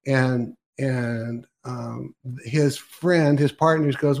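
Mid-pitched male host; casual, rambling anecdote voice with quoted asides. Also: fairly even intonation, very slow, creaky, a little mellow. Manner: rambling storyteller, quoting himself and others. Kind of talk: casual ministry talk show chat.

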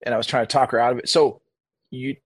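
A rapid-fire storyteller, this man rushes through his tale with a slightly husky edge to his voice. He jumps into quoted voices as he goes, animated and lively in casual talk. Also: mid-range voice. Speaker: guest minister.

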